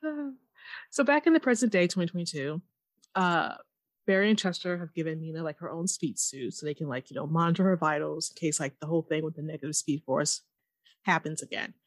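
Animated woman recapping a show. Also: sits low, no room sound, clean studio sound. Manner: animated, acts out characters' lines in quick impressions. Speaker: podcast co-host. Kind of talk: casual episode recap chat.

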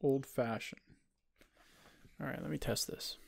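A man's voice: medium pitch, steady tone, unhurried, vocal fry, dry recording. A man in his twenties, co-hosting a podcast and telling a rambling, profane party story in casual chat. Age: 20s. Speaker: podcast co-host.

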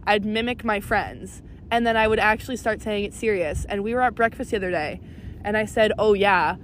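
A woman's voice: mid-range voice, a little fast. A young woman in her twenties hosting a podcast in casual, giggly chat, recorded outdoors. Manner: bubbly, giggly, chatty. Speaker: podcast host. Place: outdoors in a city. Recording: outdoor noise behind.

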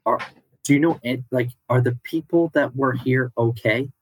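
A man's voice: mid-range voice, moderate pace, slightly rough, no room sound, poor audio. A man playing a tabletop horror game, speaking casually with hesitant, stop-start phrasing. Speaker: player.

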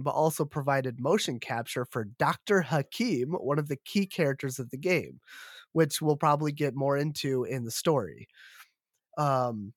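Man co-host with a sick, rough voice, reads notes steadily, medium pitch, dry. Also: no echo. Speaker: podcast co-host. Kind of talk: casual chat, reading notes.

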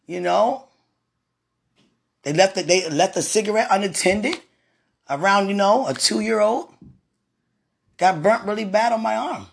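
Animated yet a little slow, this podcast host has a husky, gravelly mid-range voice and leaves long pauses. She tells casual personal stories in a chatty manner, laughing frequently and talking about her faith.

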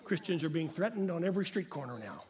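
An older man preaching a fervent sermon to a congregation, often rising to shouts. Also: a little high, big pitch swings, quick pace, a crowd in the background. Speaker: pastor.

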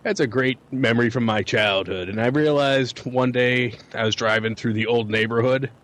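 A man's voice: medium pitch, normal speed. A man casually reminiscing about childhood in a podcast chat, hesitant and laid-back. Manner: relaxed, hesitant reminiscing with fillers. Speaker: podcast co-host.

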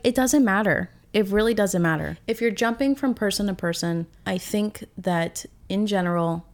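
Young woman, solo podcast host, candid, reflective, rambling with fillers. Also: medium pitch. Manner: emotional and reflective. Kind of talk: casual solo podcast monologue.

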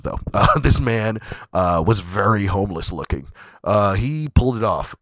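Profane, low-voiced male podcast host. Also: no room sound. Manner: profane, laughing, loose and conversational. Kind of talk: comedic storytelling.

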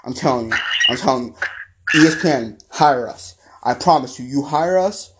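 A man's voice: medium pitch, expressive, normal speed, background noise. Man ranting angrily on a podcast. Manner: angry, repetitive, profane ranting. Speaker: podcast host. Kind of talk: ranting sports podcast talk.

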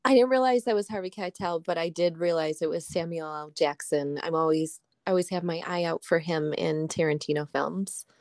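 Woman on a movie podcast, lowish voice, dry sound, blunt short takes. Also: fairly quick, hardly any pauses, a little mellow, dry recording. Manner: frank, brief opinions. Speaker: podcast co-host. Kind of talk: casual movie-review chat.

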